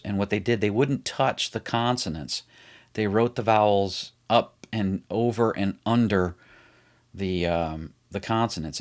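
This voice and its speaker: A middle-aged man teaching an online Bible study in a chatty way, explaining things as he writes them out on the screen. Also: low voice. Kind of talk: casual online Bible lesson.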